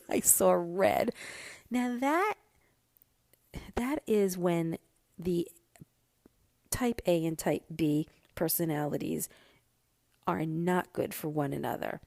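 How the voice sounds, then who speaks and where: Middle-aged female podcast host, lower register, dry mic, animated storytelling monologue. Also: a little slow, creaky, no echo. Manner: animated, vents with rising heat.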